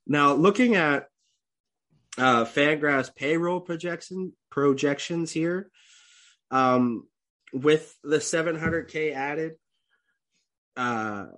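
A man's voice: fairly high pitch, drawn-out words, pauses often, fairly bright tone. Congested young man. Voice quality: swears freely, clears throat often. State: congested, coughing. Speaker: podcast co-host. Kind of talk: casual chat.

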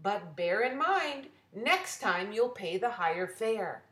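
A woman voicing an impatient, grumpy male ticket worker at a fair, gruff and bossy. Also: mid-range voice, expressive, slow pace, fairly bright tone. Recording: roomy echo.

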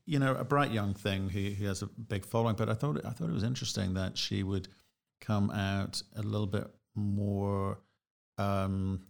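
A man's voice: on the low side, gravelly. A man hosting a conversational interview, chatty and often correcting himself, with many fillers. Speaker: host.

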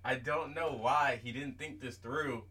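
A man's voice: mid-range voice, steady tone, measured pace, sharp tone, breathy edge, distant mic. A young man on a podcast, telling funny stories in casual chat, laughing and swearing as he goes. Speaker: podcast co-host, firefighter.

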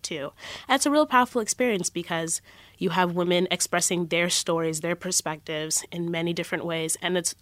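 Young woman on college radio, low pitched, talks earnestly in long runs, dry studio sound. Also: fairly bright tone, no echo. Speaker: student organizer, interview guest. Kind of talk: radio interview.

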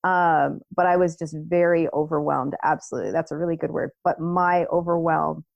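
A woman in her thirties telling a personal story in casual chat, animated, acting out what people said. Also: deep voice, moderate pace, vocal fry, dry recording, muffled recording. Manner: animated storytelling, acts out quoted voices, laughs. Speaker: podcast co-host.

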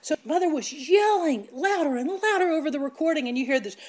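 A woman preaching a sermon, emphatic and animated as she tells stories. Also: high voice, fairly quick, very noisy. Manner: animated, emphatic, laughs while telling stories. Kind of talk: sermon with storytelling.

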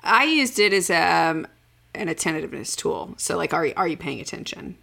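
A woman's voice: on the low side, expressive, normal speed, gravelly, fairly bright tone. A woman who trains people, chatting upbeat on a podcast. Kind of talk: casual podcast chat.

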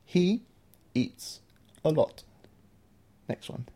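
A man teaching a podcast language lesson, explaining phrases slowly and clearly and repeating them. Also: fairly high pitch, animated, dark tone.

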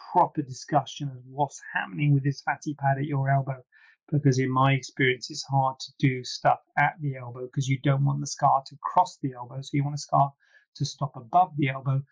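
A man's voice: mid-range voice, vocal fry, dull audio. A man, a plastic surgeon, answering viewer questions in a casual, rambling live Q&A with frequent asides. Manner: chatty, rambling, self-deprecating asides.

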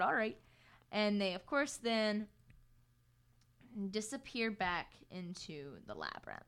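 A woman's voice: medium pitch, big pitch swings, measured pace, long pauses, fairly bright tone. Chatty young woman retelling a book. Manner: retells the plot in goofy voices. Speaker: podcast co-host. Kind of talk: casual book discussion.

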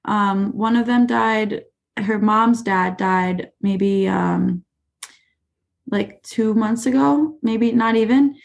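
A young woman speaks in a relaxed, chatty way, her sentences full of fillers as she tells stories from her classroom. Her voice carries a gravelly vocal fry at a middling pitch. She sounds like a teacher sitting down for a casual podcast interview. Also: slow pace, dull audio. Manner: chatty, many fillers like "like" and "you know".

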